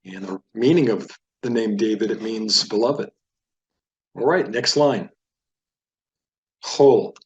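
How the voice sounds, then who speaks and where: A man's voice: fairly low pitch, measured pace, dull audio. A man teaching a beginner reading lesson, patiently explaining sounds step by step. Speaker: Hebrew teacher.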